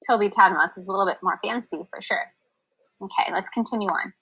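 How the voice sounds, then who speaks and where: A woman's voice: medium pitch, fast, fairly bright tone, husky, rough recording. A young adult woman reading a picture book aloud to children on a livestream, stopping to explain words in a chatty way.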